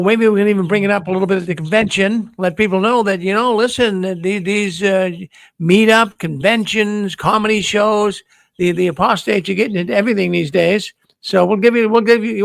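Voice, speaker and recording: A man's voice: high voice, brisk, vocal fry, fairly bright tone, dry recording. A man with a Boston accent hosting a call-in show, talking in a friendly, repetitive way with frequent stammering restarts. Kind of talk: casual call-in show chat.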